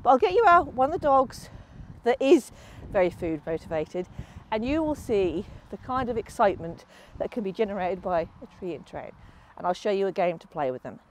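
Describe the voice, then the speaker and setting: A woman's voice: medium pitch, very animated, brisk. A woman dog trainer, explaining a training session outdoors in a field and breaking into sing-song praise for her dog. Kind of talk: instructional demonstration outdoors.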